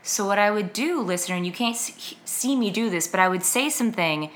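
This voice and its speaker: A woman's voice: medium pitch, animated, fairly quick, fairly bright tone. A young adult woman co-hosting a podcast, chatting and rambling with lots of fillers. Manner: chatty, rambling, fond of repeated yeahs. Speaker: podcast co-host. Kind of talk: casual chat.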